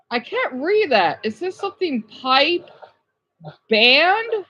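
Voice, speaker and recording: A high, very animated woman streamer who reacts on the fly, gushing and exclaiming over what she watches. She swears in passing, says sorry for it, and drifts off easily. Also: slow pace, lo-fi sound. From United States. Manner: swears casually, then apologizes. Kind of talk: casual live-stream reaction.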